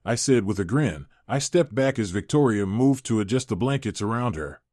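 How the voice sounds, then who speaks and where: A man's voice: on the low side, expressive, normal speed, few pauses, a little mellow, no echo. Man narrating a story in a dry voice. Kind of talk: scripted first-person narration.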